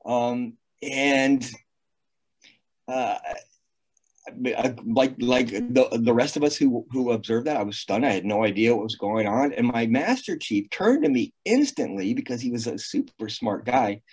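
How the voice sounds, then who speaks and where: A man's voice: mid-range voice, lively intonation, unhurried, a little mellow, slightly rough. A man in his sixties, a retired navy officer, telling a story in an interview with many fillers and restarts. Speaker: guest.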